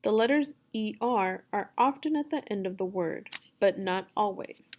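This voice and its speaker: A woman teaching a phonics lesson for young children, sounding out words slowly and deliberately. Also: mid-range voice, lively intonation, a little mellow, slight background noise. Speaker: second grade teacher.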